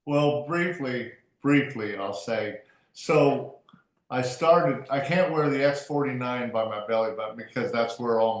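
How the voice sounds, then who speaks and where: A man of medium pitch tells his personal story in a halting way, stumbling over his words and joking at his own expense. His voice sounds roomy, as over a video call. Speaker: guest on a team call. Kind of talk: personal testimonial.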